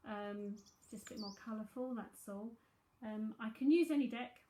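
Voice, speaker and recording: A woman's voice: a little high, moderate pace, dark tone. Chatty South London woman in an echoey room. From South London, England. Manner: chatty, breezy, full of fillers and asides. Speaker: psychic medium and tarot reader. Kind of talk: live-streamed psychic reading and chat.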